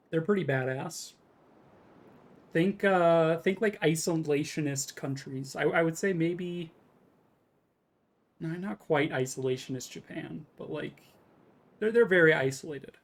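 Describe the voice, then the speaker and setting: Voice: mid-range voice, a little slow, pauses often. Chatty, jokey game streamer. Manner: chatty, jokey, greets viewers. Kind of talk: casual live-stream chat.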